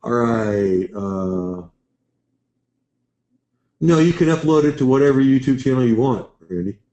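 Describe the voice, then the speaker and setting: A man's voice: mid-range voice, expressive, a little slow, dark tone, highs cut off. A man hosting a live webinar, chatting loosely and answering viewers' questions by name. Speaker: webinar host.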